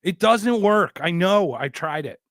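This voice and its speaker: A man hosting a podcast, telling a funny story in a lively, joking, sometimes profane way. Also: high voice, measured pace, no echo, studio quality. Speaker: podcast host. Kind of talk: casual storytelling chat.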